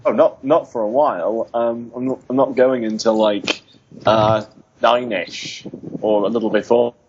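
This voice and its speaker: A man's voice: mid-range voice, steady tone, unhurried, background noise. A young British man, a guest on a voice-acting podcast, joking in a dry, absurd way over an online call. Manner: playful, dry absurd humor. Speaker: guest voice actor. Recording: dull lo-fi call audio.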